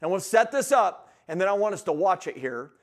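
A man delivers a church sermon with a notably high-pitched voice. His preaching is energetic and emphatic, pressing each point hard and building excitement as he goes. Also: a little fast. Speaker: guest preacher.

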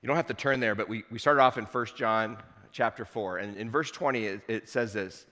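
A man preaching a sermon to his congregation in a relaxed, conversational way with playful asides. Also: on the low side, a little fast, big-room sound. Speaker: pastor. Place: church sanctuary.

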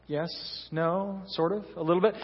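A young male pastor delivers a chatty, story-driven sermon in a slightly high, husky voice. The sound is dull and lo-fi, with a long hall reverb around him. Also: steady tone, moderate pace. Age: young adult. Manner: conversational storytelling, frequent "you know". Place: church sanctuary.

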